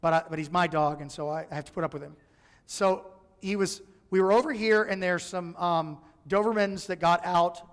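A man's voice: high-pitched, steady tone, moderate pace. A man preaching a sermon to his congregation in a conversational, humorous way. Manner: conversational and humorous, acts out voices in his stories. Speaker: pastor. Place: church sanctuary. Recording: church live stream with long hall reverb.

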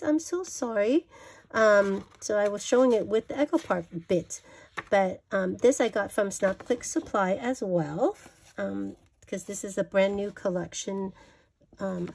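Gushing woman with a gravelly voice. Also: lowish voice, darkish tone, slight background noise. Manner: gushing, chatty, self-correcting. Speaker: craft vlogger showing a haul. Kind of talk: casual show-and-tell.

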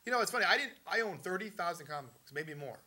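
A man co-hosting a casual film review show, talking fast and excitedly over the others. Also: high voice. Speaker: co-host.

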